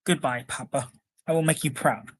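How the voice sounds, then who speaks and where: A man's voice: on the high side, steady tone, moderate pace, close to an everyday voice. A man reading the part of an earnest young farm man torn about leaving home, in his own plain voice.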